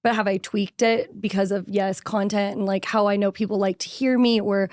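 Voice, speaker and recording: A young woman with a rustic, raspy voice, a content creator telling stories in a casual panel chat, full of "like" and fillers. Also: mid-range voice, steady tone, moderate pace, a little mellow, no room sound, studio quality. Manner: chatty storyteller, fillers and "like". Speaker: food content creator guest.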